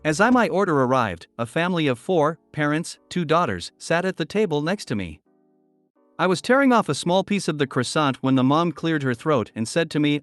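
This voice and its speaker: A man reading online stories aloud as a narrator in a steady voice. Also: fairly high pitch, moderate pace, no echo. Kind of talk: scripted story narration. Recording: dry with faint music behind.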